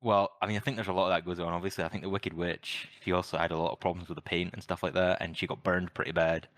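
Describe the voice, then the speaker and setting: Guy on a podcast, low-ish voice, dry close mic, swears and laughs a lot. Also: fast talker, no room sound. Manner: sweary, laughing, animated retelling of scenes. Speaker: podcast co-host. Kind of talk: casual film review chat.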